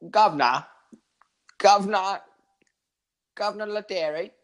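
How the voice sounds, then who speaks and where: A man's voice: sits high, unhurried, voice pushed up. A man putting on an exaggerated, clumsy English accent as a pompous official. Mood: mock-pompous.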